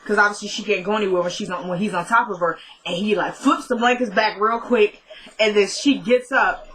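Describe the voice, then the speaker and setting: A young woman casually recapping a TV episode, telling it as an animated story and often laughing. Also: medium pitch, fairly quick, slight background noise, rough recording.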